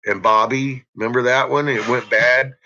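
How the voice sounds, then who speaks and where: Profane rambling man, bright tone. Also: medium pitch, steady tone, normal speed. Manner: profane, rambling, heavy cursing. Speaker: streamer chatting with viewers. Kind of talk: casual live-stream chat. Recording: dull lo-fi recording.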